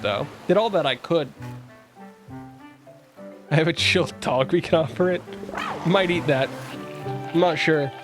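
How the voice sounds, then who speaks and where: A man chatting through a video game stream, his voice sitting a bit on the high side. He rambles and jokes with his viewers in loose, casual asides. Soft game music plays behind him. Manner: rambling, joking asides to chat. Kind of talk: casual live-stream commentary.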